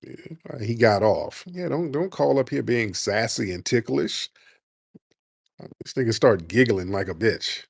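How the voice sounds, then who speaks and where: A man's voice: medium pitch, expressive, measured pace, gravelly, breathy edge, no room sound, studio quality. A man hosting a call-in show, brash and profane, mocking callers with frequent laughter. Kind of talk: casual call-in radio talk.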